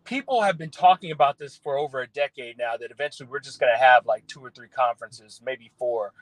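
A man from the US South giving animated, opinionated takes as a guest on a casual sports talk show. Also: mid-range voice, quick pace, no room sound, low-quality recording. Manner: opinionated, animated, restarts phrases.

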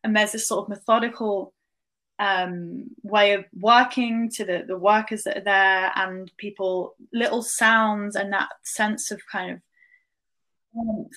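A woman guest on a podcast who talks in a thoughtful, measured way. She pauses on fillers as she explains things. Her pitch sits in the middle. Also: steady tone, pushed and bright. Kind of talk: casual chat.

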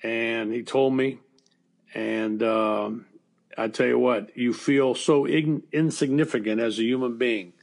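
A man's voice: mid-range voice, fairly even intonation, unhurried, gravelly, darkish tone. An older man, a former baseball coach, telling a personal story in an interview in a plainspoken, conversational way with fillers and restarts. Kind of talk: emotional storytelling in a podcast interview.

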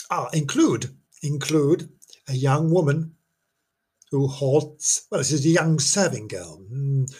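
A man's voice: medium pitch, a little mellow, breathy edge. A man hosting a ghost-story podcast in a chatty, self-mocking way, often stumbling over and repeating his words. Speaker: podcast host.

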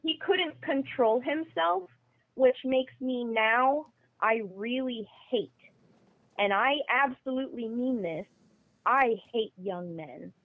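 A woman's voice: on the high side, lively intonation, slow, no echo. A woman guest on a podcast, talking casually and bluntly. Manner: blunt, emphatic opinions. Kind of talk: casual conversation. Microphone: phone call. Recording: tinny phone line.

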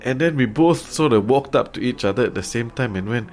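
A man, telling stories in a relaxed, casual podcast chat and swearing freely. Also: mid-range voice, brisk, a little hiss or hum. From Singapore. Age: 30s.

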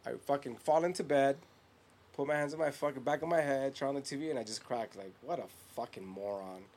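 A man's voice: medium pitch, a little fast, slight background noise. A middle-aged man co-hosting a podcast, telling a story in casual chat with lots of swearing and acted-out voices. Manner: profane, animated storyteller who acts out quotes. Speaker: podcast co-host.

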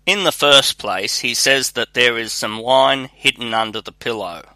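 A man's voice: medium pitch, normal speed, bright, forceful tone, no room sound. A man voicing a sly, clever little peasant in a read-aloud storybook, in a plain reading manner.

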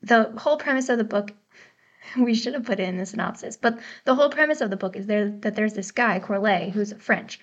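This American woman talks fairly quickly in a mid-range voice while co-hosting a book podcast. Her chatty, relaxed discussion is full of laughter and hesitant pronunciations, recorded through a dull lo-fi podcast mic.

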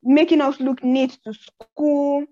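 On her podcast, a Nigerian woman with a high voice slowly tells personal stories in a casual chat, bringing quotes to life as an animated storyteller. Her recording comes across slightly dull and dry, without any room sound.

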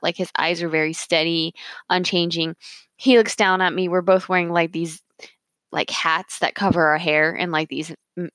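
A woman's voice: fairly low pitch, a bit bright, dry recording. A young woman casually retelling her birth story, rambling with many fillers and restarts.

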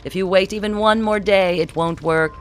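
A man's voice: medium pitch, very animated, normal speed, slight background noise. A man voicing a cruel, mocking male villain who taunts in a falsely sweet, cheerful way. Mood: shouting.

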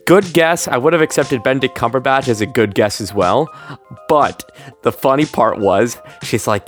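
A man's voice: mid-range voice, normal speed, soft background music. A young man co-hosting a podcast in casual, joking chat, laughing often. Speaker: podcast co-host.

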